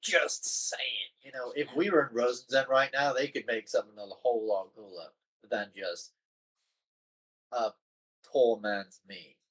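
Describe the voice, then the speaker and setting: A man's voice: medium pitch, a little slow, a bit bright, husky, low-quality recording. A man voicing a cocky adventurer who talks down to others with a teasing, condescending manner. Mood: smug.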